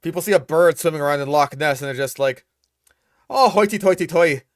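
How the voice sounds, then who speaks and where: A young man hosts a reaction commentary on a video, sounding exasperated and swearing as he picks apart what he hears. His voice is a little high with a steady tone, and he talks fast. The recording is dry and studio quality.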